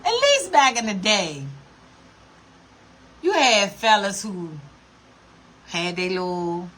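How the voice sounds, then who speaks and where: Blunt, bright-voiced woman ranting. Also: mid-range voice, sing-song, slow, slight background noise. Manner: blunt, profane, scolding. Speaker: vlogger. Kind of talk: casual rant to camera.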